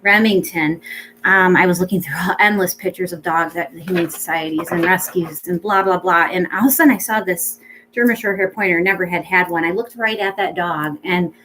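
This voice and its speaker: A woman speaking as a pet psychic medium in a casual reading, chatty and rambling with many ums, gentle and reassuring. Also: lowish voice, fairly quick, slight background noise, rough recording.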